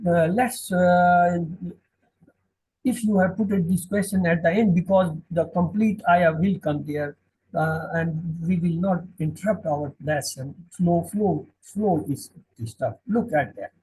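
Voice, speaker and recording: A man teaching a classroom Quran lesson, drilling each word slowly and repeating the meanings. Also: high voice, a little mellow, slightly rough, low-quality recording. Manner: slow, repetitive, drilling word by word.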